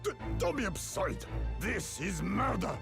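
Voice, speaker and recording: A stern ship's officer with a gravelly, raised voice that swings up and down in indignation. Game music plays faintly behind him. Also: male voice, high-pitched, very animated, measured pace, exaggerated voice. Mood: indignant.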